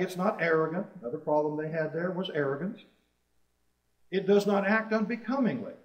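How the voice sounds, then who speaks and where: A man preaching a sermon to a congregation, emphatic, rising on key phrases and putting questions to his listeners. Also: on the high side. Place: church assembly hall. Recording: roomy, distant, dull old church recording.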